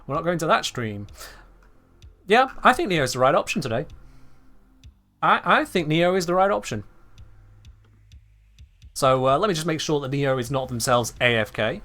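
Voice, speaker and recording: A man's voice: a little high, sing-song, normal speed, long pauses, pushed and bright. A man from England with an English accent, chatting casually and wryly to his live-stream chat. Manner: chatty, wry, talking to chat. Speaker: game streamer.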